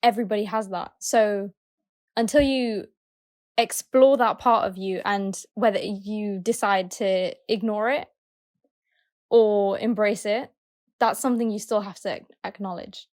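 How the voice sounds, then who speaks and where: A woman's voice: medium pitch, steady tone, measured pace, a little mellow. A woman co-hosting a podcast, talking in an earnest, rambling way and searching for her words. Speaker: podcast co-host. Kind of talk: casual chat.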